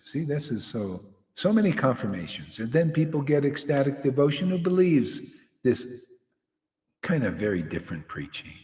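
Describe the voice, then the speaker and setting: A man's voice: mid-range voice, big pitch swings, moderate pace, darkish tone. A man giving an informal, confrontational devotional sermon, rambling and often asking "see?" to his listeners. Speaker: preacher. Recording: echoey hall with long reverb.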